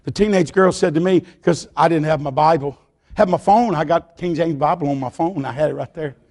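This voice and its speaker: A man preaching a sermon, telling stories and rising to shouts. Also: a little high, a little fast. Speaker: pastor.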